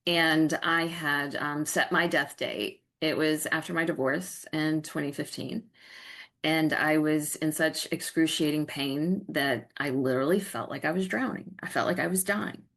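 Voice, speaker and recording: A middle-aged woman from North Carolina, a guest telling her personal story candidly and reflectively, with halting restarts. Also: low voice, steady tone, vocal fry, fairly bright tone. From North Carolina, USA.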